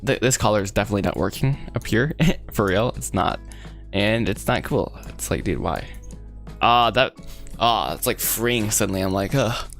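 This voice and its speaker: A man's voice: lowish voice, moderate pace, creaky, fairly bright tone, faint music behind. Rambling young man chatting while working. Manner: rambling, laughs often, lots of fillers. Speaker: 3D artist streaming his work. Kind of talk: casual live chat while working.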